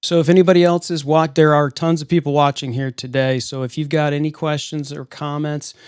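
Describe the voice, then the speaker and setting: A man's voice: on the high side, flat delivery, brisk, darkish tone, clean tone, no room sound, studio quality. A man co-hosting a live question-and-answer show, upbeat and full of fillers as he reads out viewer questions. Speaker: co-host and moderator.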